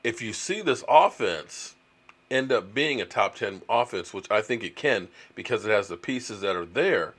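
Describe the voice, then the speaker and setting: A man's voice: fairly low pitch, expressive, moderate pace, a bit bright. A middle-aged man, hosting a casual live stream, chatty and reading viewer comments aloud. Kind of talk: casual live stream chat about football.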